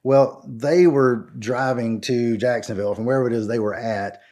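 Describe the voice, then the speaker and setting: A middle-aged man from Georgia telling a personal anecdote casually, acting out dialogue with jumps in his voice and lots of "like" and restarts. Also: moderate pace. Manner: animated, acts out both sides of dialogue with pitch jumps; frequent "like" and stammered restarts. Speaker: storyteller guest.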